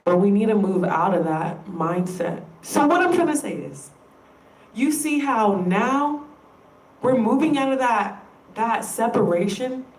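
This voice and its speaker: A woman's voice: a little high, lively intonation, a little slow, far from the mic. Rambling profane woman in echoey room. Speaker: vlogger. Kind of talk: casual ranting monologue. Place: room in an indoor workplace building. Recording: echoey room, voice away from mic.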